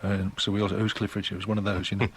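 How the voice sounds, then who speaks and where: A man's voice: low-pitched, monotone, racing, a little hiss or hum. A man in his sixties with a Geordie accent, a guest on a radio interview who tells long, rambling, chatty anecdotes. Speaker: guest musician.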